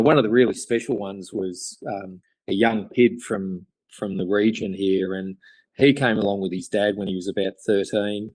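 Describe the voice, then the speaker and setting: A man's voice: fairly low pitch, a little mellow, no room sound, rough recording. Rambling, enthusiastic Australian man. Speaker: podcast guest, craftsman. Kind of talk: casual interview chat.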